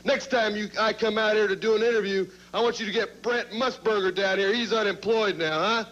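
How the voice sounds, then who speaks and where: Taunting high-voiced wrestler cutting a promo. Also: male voice, fairly even intonation, fairly quick, a bit bright. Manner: taunting, sarcastic, blustering. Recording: muffled old TV audio.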